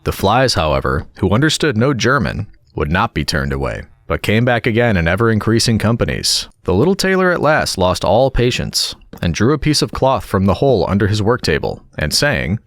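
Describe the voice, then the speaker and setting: Relaxing storybook narrator, man, low and expressive. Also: fairly quick, hardly any pauses, no room sound, clean studio sound. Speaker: audiobook narrator. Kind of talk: storybook reading.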